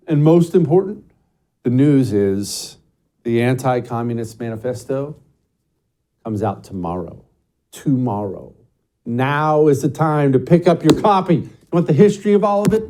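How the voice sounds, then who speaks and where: Middle-aged male host, dark mellow voice, punchy emphatic commentary. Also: moderate pace. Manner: emphatic, swings between shouting bursts and low asides. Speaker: show host. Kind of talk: opinionated commentary monologue.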